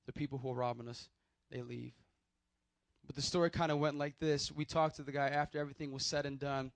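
A man's voice: medium pitch, fairly even intonation, brisk, creaky, no room sound. Man preaching. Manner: conversational storytelling with restarts and acted quotes. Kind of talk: sermon with personal testimony.

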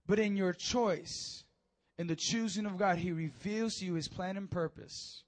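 A man preaching a sermon, telling stories with animated energy and stammered repeats. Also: high voice, a little slow.

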